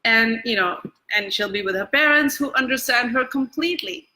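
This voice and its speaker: A woman's voice: fairly high pitch, moderate pace, bright, forceful tone, rough recording. A woman working as an energy-tapping coach, teaching in a casual, conversational way full of fillers and restarts. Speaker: EFT coach. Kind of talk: casual talk-to-camera teaching. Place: Bangkok.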